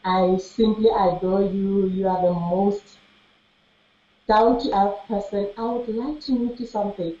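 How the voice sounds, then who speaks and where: Woman from South Africa, mellow voice, earnest and halting; dull recording in an echoey room. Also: medium pitch, fairly even intonation. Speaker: fan giving a video message. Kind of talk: personal testimony.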